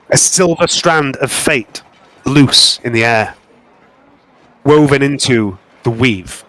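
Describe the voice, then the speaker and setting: A man narrating a tabletop game as game master in a slow, dramatic, descriptive way. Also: medium pitch, fairly bright tone, poor audio.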